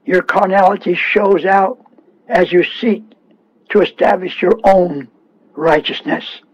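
A man's voice: high-pitched, slow pace, breathy edge, highs cut off. A man preaching a fervent radio sermon, scolding and repeating himself as he presses his points.

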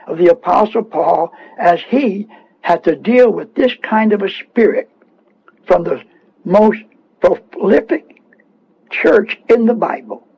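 A man's voice: high-pitched, takes it slowly, creaky, slightly rough, muffled recording. A man preaching a fervent radio sermon, scolding and repeating himself as he presses his points.

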